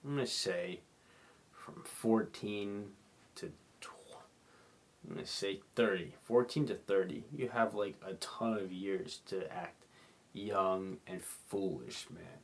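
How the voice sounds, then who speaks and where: Drunk sleepy young guy rambling on his own podcast, low voice, keeps saying sorry. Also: takes it slowly. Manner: slurred, apologetic, rambling. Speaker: podcast host. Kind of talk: rambling solo podcast monologue.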